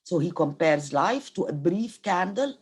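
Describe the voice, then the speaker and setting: A woman's voice: on the low side, animated, a little slow, breathy edge. A middle-aged Egyptian woman, a native Arabic speaker, giving a university literature lecture. She reads verse aloud, then explains each line and glosses it in Arabic.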